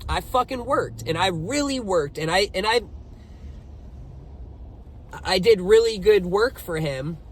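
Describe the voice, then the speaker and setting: A man's voice: high-pitched, measured pace, long pauses, slight background noise. A young man casually telling his own story, swearing often and speaking with heavy emphasis. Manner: profane, emphatic, animated retelling.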